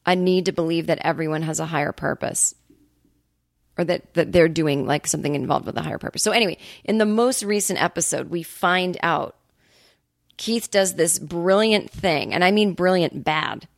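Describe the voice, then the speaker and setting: A woman hosting her own podcast, talking casually in a rambling, profane, sarcastic monologue full of quick asides. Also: on the low side, no echo, clean studio sound. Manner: animated storyteller, quick asides. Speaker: comedian podcast host.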